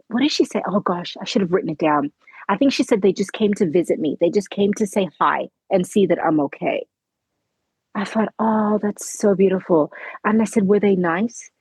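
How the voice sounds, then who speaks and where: A middle-aged woman who tells her story with earnest feeling and plays the voices in her dialogue. Her voice sits a little low and has a husky edge. The sound is dry and close. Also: darkish tone, dry recording, poor audio. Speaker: podcast guest. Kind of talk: conversational interview.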